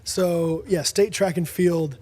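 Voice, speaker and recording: Lively higher-pitched male podcast host. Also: slow. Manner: animated storyteller, acts out dialogue. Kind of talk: casual chat.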